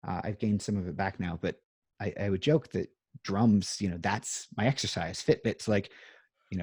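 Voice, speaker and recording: A low-voiced man in his thirties talks over a video call from his home music room. He rambles in a self-deprecating way, with lots of ums and uhs. The sound is dry and close. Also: normal speed, a little mellow, slightly rough, dry recording. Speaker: interview guest. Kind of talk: casual chat.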